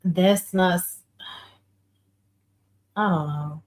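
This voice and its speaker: A woman hosting a casual talk show, speaking in a relaxed way with frequent short murmurs of agreement. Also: on the low side, drawn-out words. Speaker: podcast host. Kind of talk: casual chat.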